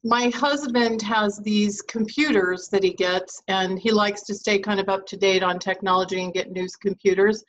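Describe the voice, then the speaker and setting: A woman's voice: medium pitch, highs cut off. A middle-aged woman hosting a relationship advice talk, telling stories from her marriage and laughing easily. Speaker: host.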